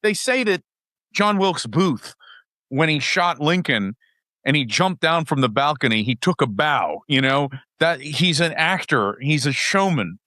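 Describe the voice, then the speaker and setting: A middle-aged man from West Virginia, a podcast guest telling anecdotes in casual chat, crude and animated, acting out crowds as he goes. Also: on the high side, unhurried, dry recording, clean studio sound. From West Virginia, USA.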